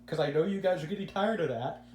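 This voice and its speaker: Recorded in an echoey space with a low hum, this male podcast host speaks fast in a fairly high, slightly mellow voice. His casual opinions wander, and he keeps tripping over repeated words at the start of his sentences.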